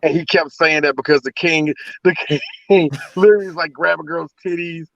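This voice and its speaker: A man's voice: fairly high pitch, fairly even intonation, moderate pace, vocal fry, fairly bright tone, no echo. A man co-hosting a podcast, chatting casually and profanely about a movie, joking in put-on voices. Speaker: podcast co-host. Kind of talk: casual movie review chat. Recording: dry, dull lo-fi sound.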